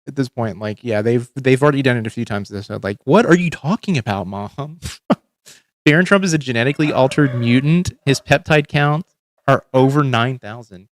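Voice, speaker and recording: A man's voice: medium pitch, a little fast, no echo, studio quality. Ranting man swearing on a livestream. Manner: ranting, heavy swearing, frequent restarts. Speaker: livestream host. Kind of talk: casual profane commentary.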